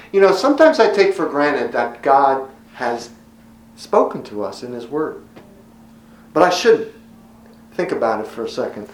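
A pastor with a medium-pitched voice teaches through an expository sermon in a measured, earnest way, driving his points home by repeating them. The rough recording is reverberant.

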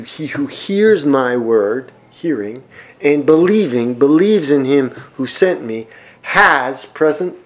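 A man preaching a sermon, reading scripture aloud and commenting on it, with emphatic swings between loud and soft. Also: medium pitch, poor audio. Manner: slow, emphatic preaching with wide swings in loudness. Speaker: pastor.

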